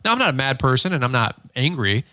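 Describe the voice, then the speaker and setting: A man's voice: mid-range voice, big pitch swings, fast, pushed and bright, dry recording. A man co-hosting a casual business podcast, rambling and joking, with frequent laughs. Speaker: podcast co-host.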